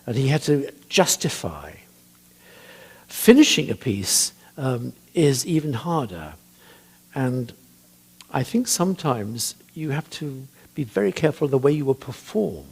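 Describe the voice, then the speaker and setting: An older man with a husky voice, a church composer telling chatty anecdotes about music, hesitant with frequent ums. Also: mid-range voice, very animated, a little slow. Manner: chatty, hesitant with many ums, laughs at his own stories. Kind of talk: anecdotal talk.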